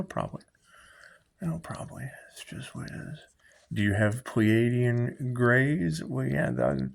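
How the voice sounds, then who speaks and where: A man's voice: mid-range voice, gravelly. A man answering viewer questions in a loose, profane, rambling live-stream monologue, laughing and repeating himself.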